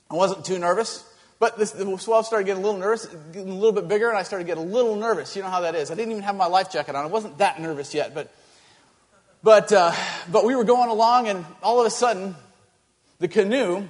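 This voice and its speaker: A male pastor telling a story in a sermon, animated and halting, with many restarts. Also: high voice, long reverb tail.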